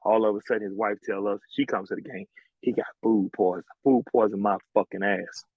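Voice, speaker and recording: A man's voice: fairly low pitch, a little fast, slightly rough, no echo, phone-quality sound. A man, a former college basketball player telling stories bluntly and with lots of swearing in an interview. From American South. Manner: blunt, profane, animated storytelling. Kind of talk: casual storytelling interview.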